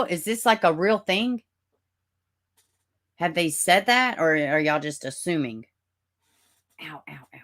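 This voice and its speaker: Low, expressive, and a bit bright, her voice moves slowly with frequent pauses. She hosts a true-crime livestream, chatting casually in a Middle Tennessee Southern accent, reading comments and addressing viewers as honey and baby.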